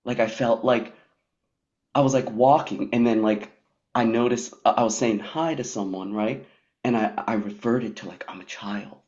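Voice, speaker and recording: Halting man on dull lo-fi audio. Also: medium pitch, steady tone, a little mellow. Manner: halting, full of "like" and restarts. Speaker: participant. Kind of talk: candid personal sharing.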